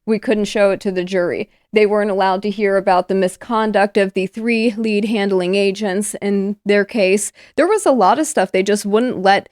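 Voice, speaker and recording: A woman's voice: medium pitch, fairly even intonation, moderate pace, few pauses, darkish tone, no room sound, studio quality. A woman speaking emphatically and indignantly as a podcast guest. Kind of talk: casual talk.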